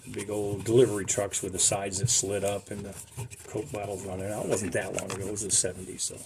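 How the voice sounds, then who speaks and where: Low-voiced chatty man in a noisy workshop. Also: flat delivery, fast talker, vocal fry, darkish tone. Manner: chatty, self-deprecating, rambling asides. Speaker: car restoration vlogger. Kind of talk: casual workshop commentary.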